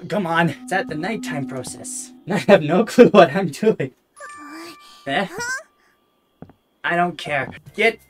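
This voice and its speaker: A woman streaming a VR game, casually commentating in a bossy, exasperated way, close to a desk microphone at home. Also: lowish voice. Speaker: VTuber streamer. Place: home room, playing standing in VR.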